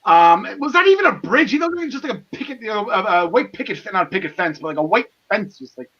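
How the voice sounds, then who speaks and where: High, bright-voiced male podcast host. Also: big pitch swings, fast talker, slightly rough, lo-fi sound. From half Irish. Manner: enthusiastic, laughs often, many fillers and restarts. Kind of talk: casual wrestling podcast chat.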